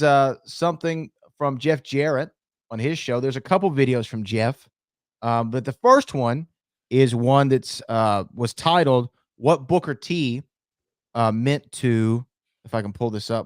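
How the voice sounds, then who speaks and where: A man's voice: mid-range voice, moderate pace, no echo, clean studio sound. A man co-hosting a podcast, casually setting up clips with plenty of ums and uhs. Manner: conversational, introduces clips with fillers. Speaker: podcast co-host. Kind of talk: casual chat.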